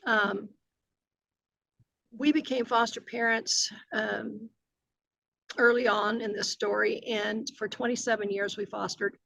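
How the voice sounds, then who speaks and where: A woman's voice: a little high, level tone, slow pace, gravelly, long pauses, fairly bright tone, dry recording, low-quality recording. An older woman, a retired agency director answering interview questions earnestly, with many fillers and restarts.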